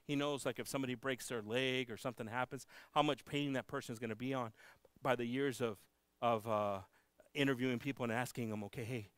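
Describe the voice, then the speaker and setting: A man preaching a sermon, moving between loud proclaiming and hushed pleading, with halting restarts. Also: mid-range voice, fairly even intonation, clean tone, no room sound. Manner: halting, with many restarts and fillers. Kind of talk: bilingual sermon. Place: church.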